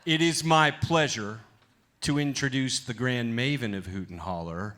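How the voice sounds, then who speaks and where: A man giving a lively, joking live welcome speech from a theater stage as its executive director, talking through a stage microphone. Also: medium pitch, unhurried. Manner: energetic, joking with the crowd.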